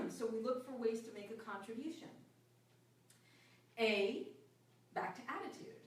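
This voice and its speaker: A woman giving an earnest, reflective self-help talk about finding peace, her voice often dropping soft and low. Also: measured pace. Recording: echoey room from a distance, faint ambience.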